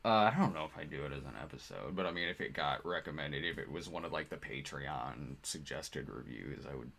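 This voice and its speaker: A man's voice: very deep voice, a little fast, creaky, a bit bright. Guy rambling on a livestream, ums and laughs, reads out viewer questions. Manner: rambling, filler-heavy, laughs often. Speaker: co-host reading viewer questions. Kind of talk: casual livestream chat.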